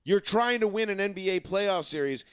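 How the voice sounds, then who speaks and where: A man co-hosting a sports podcast, ranting profanely and mocking players with quick put-on voices. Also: high-pitched, expressive, a bit bright, clear, resonant tone, no echo, clean studio sound. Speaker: podcast co-host. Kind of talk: casual sports talk.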